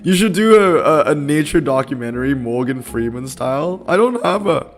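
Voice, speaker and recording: A man's voice: a little high, lively intonation, normal speed, few pauses. A young man live-streaming a racing game, chatting casually and answering his chat in a rambling, laid-back way.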